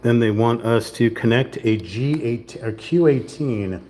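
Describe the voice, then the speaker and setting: A man's voice: medium pitch, measured pace, darkish tone. A man hosting a livestream, chatting casually as he assembles a wooden model kit and narrates each step to himself. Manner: chatty, self-talking, mild southern lilt at times. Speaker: livestream host building a puzzle kit. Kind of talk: casual hands-on build narration.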